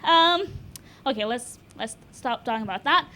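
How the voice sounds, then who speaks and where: A young woman from Lithuania doing a live stand-up set in a comedy club, with deadpan, self-mocking delivery and laughs at her own jokes. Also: fairly high pitch, normal speed, slight background noise.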